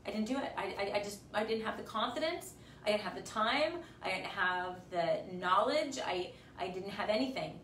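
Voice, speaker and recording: A woman's voice: medium pitch, lively intonation, moderate pace, few pauses, a bit bright, far from the mic. A choked-up woman in her forties gives an emphatic motivational talk, repeating her words for emphasis. She sits back from the mic in a roomy space, with a faint hum underneath. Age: 40s. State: tearful, choked up. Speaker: fitness instructor. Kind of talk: emotional motivational pep talk on a livestream.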